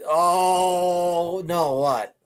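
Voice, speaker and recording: A man's voice: sits high, drawn-out words, smooth. A man co-hosting a humor show, delivering dry punning one-liners. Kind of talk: casual joke-telling chat.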